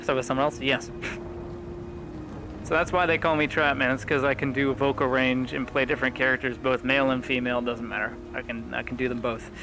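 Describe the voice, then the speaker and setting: A man's voice: medium pitch, level tone, fairly quick, noisy background. A man streaming a roleplay game, chatting casually and joking between scenes, swearing freely.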